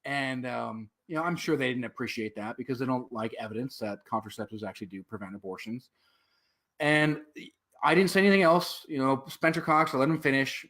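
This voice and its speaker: A man's voice: mid-range voice, lively intonation, brisk, a bit bright. A man, a veteran and activist, telling his story as a guest in a casual interview, rambling with many fillers and swear words.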